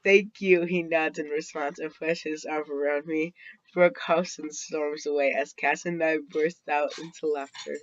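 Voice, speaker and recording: A man's voice: on the high side, flat delivery, a little slow, dry recording. Man reading a story aloud on a dull mic. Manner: laughs and breaks off mid-reading. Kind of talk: casual fan-fiction read-aloud.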